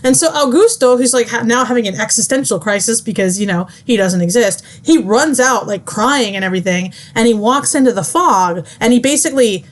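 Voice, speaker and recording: A woman's voice: a little high, fairly quick, hardly any pauses. A young woman student giving a chatty, casual book summary, full of fillers. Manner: chatty, lots of fillers, breezy.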